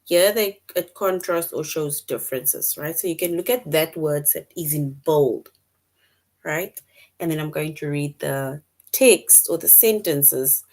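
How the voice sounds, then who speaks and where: Slow, low-voiced woman teaching children. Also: darkish tone. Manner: patient, checks in with frequent "right?"; reads sentences aloud slowly and clearly. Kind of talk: online lesson for children.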